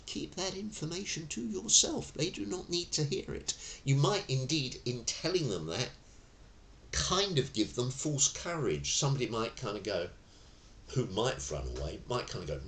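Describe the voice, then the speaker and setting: A man teaching self-defence in a relaxed, anecdotal way, acting out the phrases he quotes. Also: medium pitch, normal speed, gravelly, slight background noise. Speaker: tai chi and self-defence instructor. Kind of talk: spoken lesson. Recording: roomy echo.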